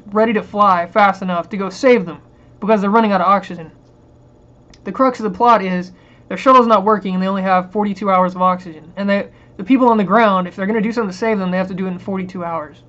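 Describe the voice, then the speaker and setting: A man's voice: high voice, a bit bright, dull audio. A man giving a casual, rambling movie rant, chuckling often and dropping sarcastic asides. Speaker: movie reviewer.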